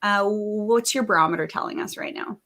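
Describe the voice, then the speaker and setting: A woman's voice: mid-range voice, normal speed. Earnest, upbeat woman podcast host. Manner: earnest, upbeat, lively emphasis. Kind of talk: hosted interview podcast.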